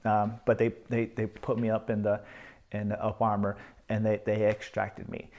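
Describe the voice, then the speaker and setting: A military veteran man giving candid personal testimony, blunt and profane, halting with frequent restarts. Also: on the low side, completely flat delivery, a little mellow, highs cut off. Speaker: military veteran telling his story.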